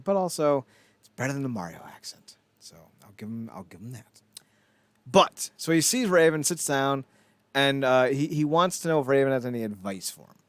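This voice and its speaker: A man's voice: mid-range voice, dry recording. A man co-hosting a casual wrestling news podcast, rambling and swearing, with self-mocking asides. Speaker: podcast co-host.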